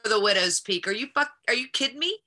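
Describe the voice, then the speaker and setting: A woman's voice: a little high, expressive, fast talker, bright, forceful tone, soft background music. A woman co-hosting a casual chat, laid-back and joking at her own expense. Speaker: co-host.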